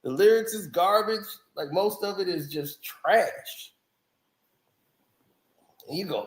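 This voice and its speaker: A man with a high voice, talking slowly in casual, opinionated commentary. He laughs often and throws in mocking asides. His voice rings in a roomy, echoey space. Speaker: music reviewer vlogger.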